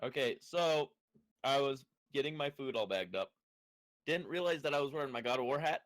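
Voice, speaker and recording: A man's voice: medium pitch, animated, normal speed. A man guesting on a casual podcast, telling laughing anecdotes with acted quotes. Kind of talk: casual storytelling.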